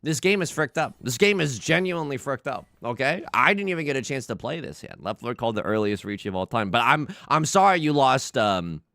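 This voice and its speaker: Lively, bright-voiced male streamer rambling. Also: mid-range voice, a little fast, gravelly, few pauses, no echo, clean studio sound. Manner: rambling animated storytelling with many restarts and swearing. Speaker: livestreamer. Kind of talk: casual livestream chat.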